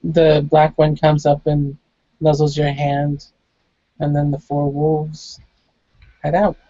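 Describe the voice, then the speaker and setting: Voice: medium pitch, monotone, slow, warm tone, no echo, lo-fi sound. A game master casually narrating a tabletop game and voicing its figures.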